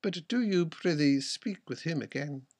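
A man with a husky voice reading the part of an older earl, stern and puzzled. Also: a little high, expressive, unhurried, a little mellow.

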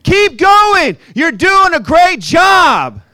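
A man doing a cheery neighbor shouting encouragement. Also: sing-song, measured pace, exaggerated voice. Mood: cheering. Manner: loud, high, enthusiastic shouting.

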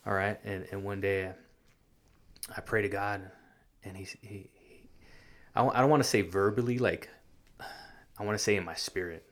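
A man telling a personal faith story in casual chat, earnest and halting, often repeating his words. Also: on the low side, steady tone. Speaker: guest sharing testimony.

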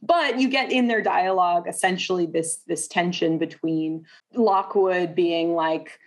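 Lower-voiced woman host, casual film chat, thoughtful and asks the questions. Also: unhurried. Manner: thoughtful, leads with questions, frequent "uh" fillers. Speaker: podcast host.

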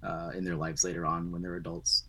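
Man from Vermont, low and husky, lively pitch, soft-spoken, halting dad telling stories. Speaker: podcast guest, father. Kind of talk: casual chat.

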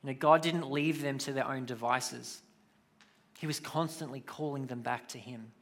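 A man's voice: medium pitch, steady tone, moderate pace, a bit bright. A man preaching a sermon in a conversational way, with casual asides. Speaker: pastor.

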